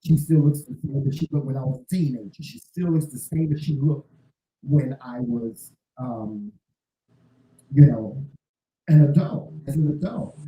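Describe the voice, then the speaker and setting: Dark-voiced man in his fifties, rambling. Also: on the high side, unhurried, roomy sound, poor audio. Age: 50s. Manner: rambling, repeats words and restarts often. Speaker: show host. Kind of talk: casual spoken monologue.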